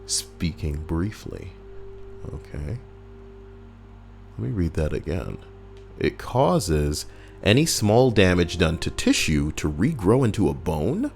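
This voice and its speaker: Low-voiced man giving crude, rambling gameplay commentary. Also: very animated, slow, vocal fry, pauses often. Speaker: gaming YouTuber. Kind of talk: casual gameplay commentary reading a list. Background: faint background music.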